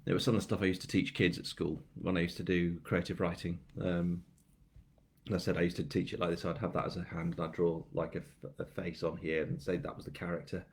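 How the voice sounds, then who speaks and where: A British man with a deep, low voice, chatting loosely through a live stream. He rambles and fills gaps with ums, and pokes fun at himself. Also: level tone, fast. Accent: British English. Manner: rambling, chatty, self-mocking, with many fillers. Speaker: crime novelist hosting a live book launch. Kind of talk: casual live-stream chat.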